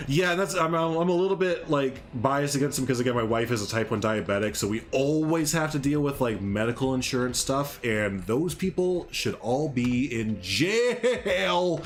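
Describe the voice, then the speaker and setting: Streamer host, man, mid-pitched, rambling and sarcastic, with faint game music underneath. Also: expressive, moderate pace, hardly any pauses. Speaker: livestream host. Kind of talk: casual gaming livestream chat.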